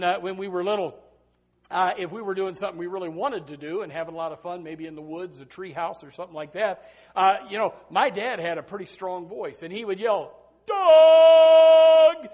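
Middle-aged male pastor with a high-pitched voice, preaching with sudden loud peaks and quiet drops. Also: highs cut off. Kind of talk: sermon.

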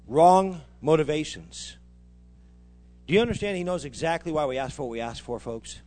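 Pastor, man, high-pitched, fiery call-and-response preaching style. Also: moderate pace, darkish tone. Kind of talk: sermon.

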